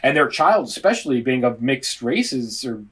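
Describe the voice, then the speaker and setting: A man's voice: mid-range voice, very animated, moderate pace, fairly bright tone, husky. A man co-hosting a podcast, thinking aloud with restarts as he offers his own take. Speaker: podcast co-host. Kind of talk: casual podcast discussion.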